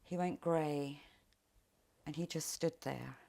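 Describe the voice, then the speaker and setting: A middle-aged woman speaks in a documentary interview, her voice slightly low and edged with creaky fry. She tells her story quietly and haltingly, often sinking toward a hush. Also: fairly even intonation. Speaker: bereaved mother interviewed.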